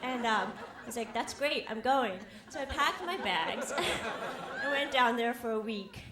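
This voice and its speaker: A young woman tells a wry, self-mocking personal story live on a theater stage before an audience, often laughing as she speaks. Her voice is on the high side with lively intonation and a measured pace, heard over a noisy crowd in a roomy live hall with faint ambience.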